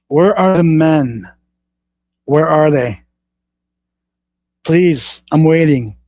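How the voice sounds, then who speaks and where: A man hosts a solo livestream, ranting combatively and repetitively and swearing often. His voice is fairly high but darkish in tone, with no room sound.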